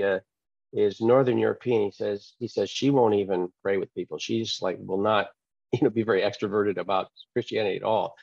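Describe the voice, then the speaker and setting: A man, a pastor and author, telling a testimony in an interview, acting out the quoted dialogue with lively changes of voice. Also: lowish voice, no echo, dull audio. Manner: animated, acts out quoted dialogue.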